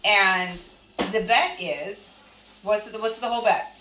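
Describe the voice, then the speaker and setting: A woman's voice: medium pitch, a little slow, bright, forceful tone, muffled recording. A woman, a mother, chatting casually as she tells a family story and acts out what others said. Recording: echoey room, voice from a distance, faint noise.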